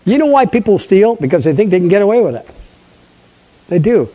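An older man, a pastor, preaching a lively sermon, acting out conversations and questioning his congregation. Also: sits high, fairly quick. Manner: animated preaching, acts out dialogue, asks the congregation questions.

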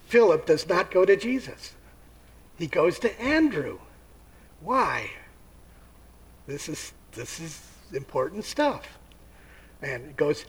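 A man preaching a sermon, telling the story with lively acted-out voices and asking his listeners questions. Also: on the high side, slow pace, pauses often, rough recording. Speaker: pastor.

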